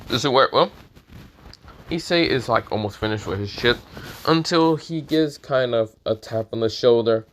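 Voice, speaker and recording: A man's voice: medium pitch, normal speed, fairly bright tone, a little hiss or hum. A man improvising a story, rambling with crude words and repeated fillers, sleepy and yawning.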